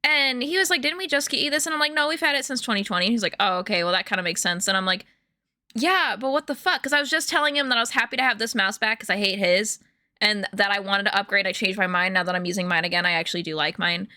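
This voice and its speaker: A woman's voice: medium pitch, fast talker, sharp tone, dry recording, studio quality. A young woman streaming from home, chatting casually to her viewers in a rambling way with lots of fillers. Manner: chatty, rambling storytelling with many fillers and laughs. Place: home room.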